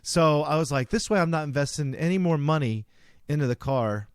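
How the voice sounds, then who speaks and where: A man's voice: a little high, animated, fairly quick, smooth, dry recording, studio quality. A man co-hosting a podcast, telling a long story in casual chat and acting out both sides of the conversation. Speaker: podcast co-host.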